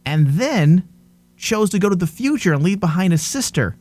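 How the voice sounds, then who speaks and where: A man's voice: high-pitched, sing-song, moderate pace, a little mellow, no room sound. A man co-hosting a casual TV review podcast, ranting in exasperation and swearing now and then. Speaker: podcast co-host.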